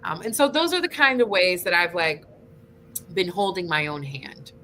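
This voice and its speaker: A woman who is a social worker, a podcast guest speaking in a reflective, soft-spoken way with lots of "like" and "right?". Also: lowish voice, very animated, moderate pace, a little hiss or hum. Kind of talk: casual conversational interview.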